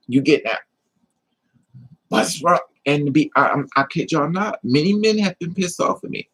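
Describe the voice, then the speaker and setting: A woman's voice: low voice, fairly bright tone, breathy edge, poor audio. A middle-aged woman chatting casually to her livestream viewers, sassy and emphatic, repeating her lines and calling people honey. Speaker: livestream host.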